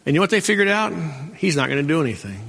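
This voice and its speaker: A man's voice: fairly high pitch, sing-song, rapid-fire, vocal fry, a bit bright. A middle-aged male pastor preaching a folksy sermon and calling out for amens from the congregation. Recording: long hall reverb.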